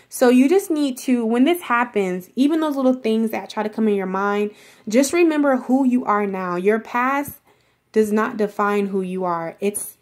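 A woman with a fairly high, darkish voice gives a casual tarot reading. She speaks straight to the viewer, rambling and reassuring, with plenty of filler words.

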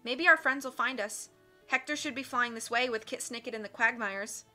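A woman's voice: fairly high pitch, normal speed, pushed and bright. A woman reading the part of a determined, anxious older sister, faint music behind. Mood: urgent.

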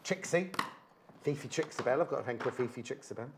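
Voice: mid-range voice, lively intonation, quick pace, noisy background. A presenter hosting a sewing show in a TV studio, chatty, rambling and full of jokey asides. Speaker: TV shopping presenter.

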